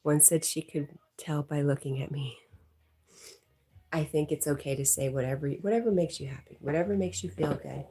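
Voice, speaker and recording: A woman with a low, husky voice hosts a relaxed livestream at home. She reads out viewer comments in a chatty, teasing way and laughs often. Her tone is mellow and dark. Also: moderate pace. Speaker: livestream host. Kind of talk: casual chat reading viewer comments.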